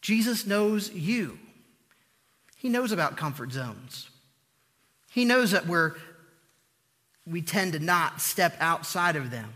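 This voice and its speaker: Man, sermon, high-pitched, repeats points slowly, long hall echo. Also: lively intonation, pushed and bright. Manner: earnest, emphatic repetition with slow pauses. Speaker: preacher.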